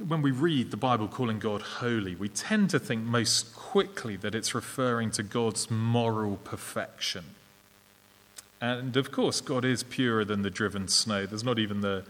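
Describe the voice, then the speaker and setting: A man with an English accent preaching a sermon, earnest and measured, with small fillers and restarts. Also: mid-range voice, fairly bright tone. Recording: long reverb of a large hall.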